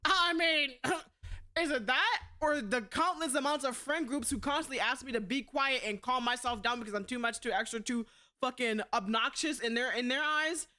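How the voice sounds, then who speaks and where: A young woman streaming live, talking to her chat in a loud, blunt, profane way and laughing often. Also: high-pitched, moderate pace.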